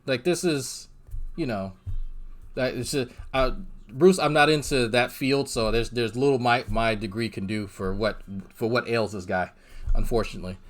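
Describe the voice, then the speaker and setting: Guy ranting on his stream, swears a lot, keeps restarting sentences, mid-pitched voice. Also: normal speed. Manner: profane, rambling, frequent restarts and fillers; exasperated, sarcastic. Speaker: drama commentary streamer. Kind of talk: ranting livestream commentary.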